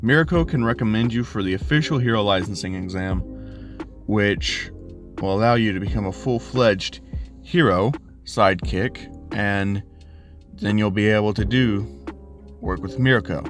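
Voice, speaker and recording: A man voicing an apologetic male school principal who speaks formally, with a low voice. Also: a little slow, over music, natural voice. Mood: regretful.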